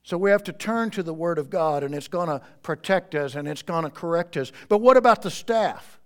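A man preaching a sermon in church, swinging between quiet, close passages and loud, rising appeals. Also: on the high side, expressive, a little fast. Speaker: pastor.

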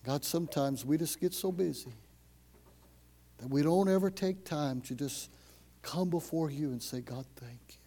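A man preaching a sermon as pastor, telling a story and leading prayer, going from loud, urgent passages to hushed whispers. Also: fairly high pitch. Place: church.

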